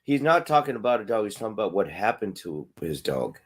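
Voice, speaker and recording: A man's voice: fairly low pitch, very animated, fast, husky. A man in casual livestream chat who explains things patiently, with lots of ums and uhs. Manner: explains patiently, hedging with fillers.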